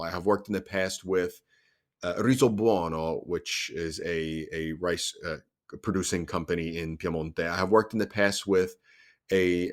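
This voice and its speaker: A young adult man hosting a solo podcast, talking earnestly and explaining things step by step, often restarting his sentences. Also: sits low. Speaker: podcast host.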